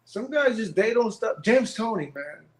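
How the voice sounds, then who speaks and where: Male boxer guest, lively storyteller, slightly high voice, roomy echo. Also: moderate pace. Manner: animated storyteller, profane, acts out quotes. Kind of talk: casual interview chat.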